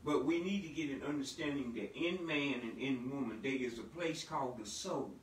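A man preaching as pastor of a church, moving from a quiet spoken prayer to loud, shouted sermon passages. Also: medium pitch, moderate pace, reverberant, distant mic, a little hiss or hum, rough recording.

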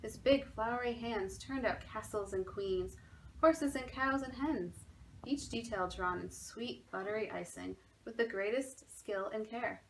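A woman's voice: a little high, measured pace, a little hiss or hum, poor audio. A woman, a museum education manager, reading a children's story aloud expressively from her home.

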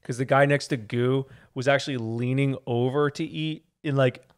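A man's voice: mid-range voice, steady tone, moderate pace, clear, resonant tone. A man co-hosting a podcast in casual chat, teasing his co-host in a dry, blunt way and swearing now and then.

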